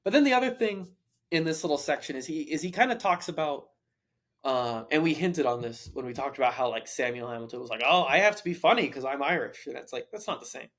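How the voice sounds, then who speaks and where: A young man talks through a novel on his podcast in a loose stream of consciousness. He circles back, restarts his sentences and leans on fillers as he goes. His voice sits at an ordinary pitch for a man. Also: lively intonation, fast. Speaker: podcast co-host. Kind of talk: casual book discussion.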